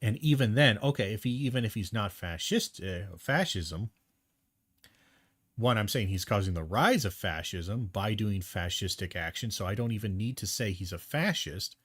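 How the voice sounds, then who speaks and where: A man's voice: fairly low pitch, animated, normal speed, a bit bright, breathy edge, no room sound, clean studio sound. A man streaming heated commentary on a debate clip, blunt and indignant, swearing freely.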